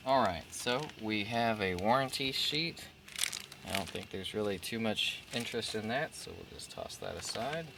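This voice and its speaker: A man with a fairly low voice talks through an unboxing in a relaxed, meandering way, often correcting himself mid-sentence. A steady background noise hums under the recording throughout. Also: normal speed, gravelly. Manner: relaxed, rambling, frequent fillers and self-corrections. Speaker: vlog host unboxing a collectible figure. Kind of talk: casual unboxing commentary.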